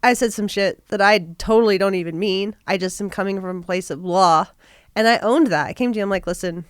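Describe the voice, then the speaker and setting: A woman's voice: mid-range voice, brisk, smooth, no room sound, studio quality. Frank, plain-spoken woman co-host. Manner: frank, profane, self-accountable. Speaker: podcast co-host. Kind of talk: candid casual chat.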